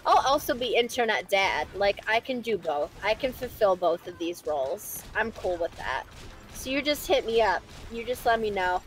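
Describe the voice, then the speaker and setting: A woman's voice: mid-range voice, expressive, moderate pace, low-quality recording. A woman co-hosting a live stream, reading chat questions aloud in a playful, giggly, rambling way with lots of fillers, from a home studio.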